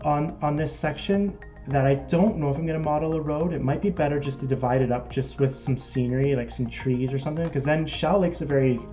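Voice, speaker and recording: A man's voice: fairly high pitch, a little fast, few pauses, warm tone, faint music behind. A man with a Canadian accent hosting a casual live stream, chatting and reading out viewer comments. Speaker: model railroad live-stream host.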